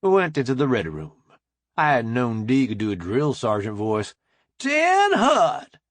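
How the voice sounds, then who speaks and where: Guy reading a first-person audiobook, wry storytelling, pitch moving around a lot, dry close mic. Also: lively intonation, normal speed, no room sound. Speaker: audiobook narrator.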